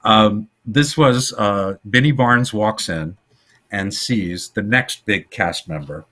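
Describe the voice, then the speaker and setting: A man co-hosting a podcast in casual chat, telling film history stories in an animated way. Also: lowish voice, slow pace. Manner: animated storytelling, trivia-laden. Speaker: podcast co-host.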